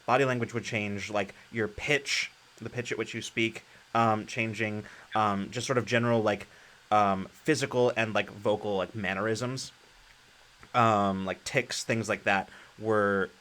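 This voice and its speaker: A man's voice: fairly low pitch, fairly even intonation, measured pace, fairly bright tone. A man hosting a podcast, who reflects in casual chat and thinks aloud in loose, restarting sentences. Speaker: podcast host and game master.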